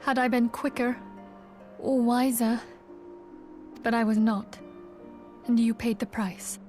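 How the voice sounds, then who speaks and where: An actress playing an earnest young woman leader in a game cutscene, speaking in a solemn, measured way. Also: fairly high pitch, fairly even intonation, a little mellow, soft background music. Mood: sorrowful resolve. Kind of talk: video game cutscene dialogue.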